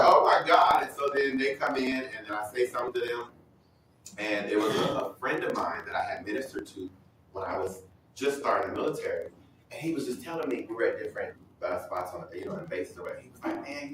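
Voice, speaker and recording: A man sharing a personal testimony at a Bible study, telling his story in an animated way and acting out other people's voices. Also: medium pitch, heavy reverb, distant mic, slight background noise, poor audio. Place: church hall.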